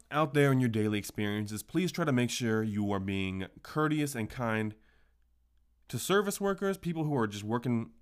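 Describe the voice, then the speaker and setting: A man hosting a casual solo podcast, telling stories in a profane, ranting way. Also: mid-range voice. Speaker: podcast host.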